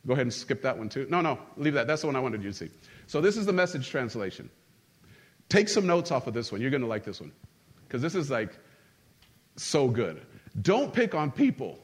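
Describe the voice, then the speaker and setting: A middle-aged man preaches to his congregation in a church. His delivery is animated and humorous, rising for punchlines and dropping low and quiet for earnest points. He keeps drawing the room in with call-and-response. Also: brisk, pauses often. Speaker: pastor. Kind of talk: sermon. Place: church sanctuary.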